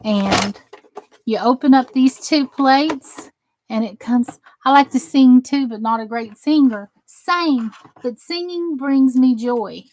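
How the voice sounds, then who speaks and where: A woman's voice: sits high, takes it slowly, darkish tone, poor audio. A woman with a Southern US accent, hosting a crafting channel, demonstrating a die-cutting machine and chatting with live viewers. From American South. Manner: chatty, rambling, reads chat aloud while working. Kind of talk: casual craft demo and live chat.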